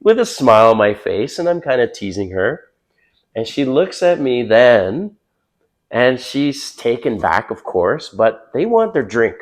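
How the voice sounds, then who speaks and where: An older man with a raspy, hoarse voice after being sick, giving blunt, chatty dating advice straight to the viewer and calling him bro. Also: mid-range voice, very animated, measured pace. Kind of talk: casual to-camera advice talk.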